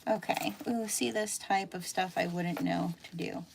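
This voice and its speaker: Gravelly woman with a Pennsylvania Dutch accent. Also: medium pitch, fairly even intonation, measured pace. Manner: chatty, thinking aloud while sewing. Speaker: sewing instructor. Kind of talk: live sew-along tutorial. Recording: noisy room with machine clicks.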